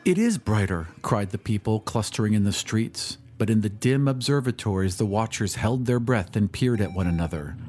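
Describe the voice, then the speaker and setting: A man reading a classic story aloud as an audiobook narrator, measured and dramatic. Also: on the low side, darkish tone, faint music behind. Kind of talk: scripted narration.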